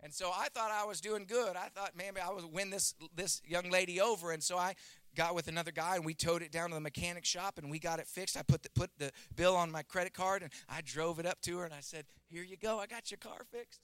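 A man's voice: sits high, steady tone, fast talker, fairly bright tone, clean tone, dry recording. A man in his thirties preaching a sermon as pastor, telling personal stories and closing in prayer, with earnest rising emphasis.

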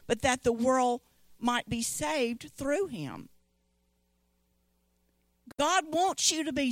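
A middle-aged woman, preaching a sermon and retelling scripture stories in an animated way. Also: a little high, dry recording. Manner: storytelling, animated quoting of scripture voices.

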